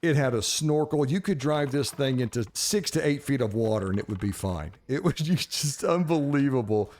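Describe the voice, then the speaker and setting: A man telling a story casually, animated and profane, laughing as he goes. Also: mid-range voice, normal speed, a little hiss or hum. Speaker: gaming streamer.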